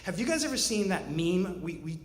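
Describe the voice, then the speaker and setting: A man's voice: sits high, sing-song, brisk, slight background noise. A man in his forties telling a personal story on stage, earnest with wry humor. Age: 40s. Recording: roomy hall reverb, faint ambience.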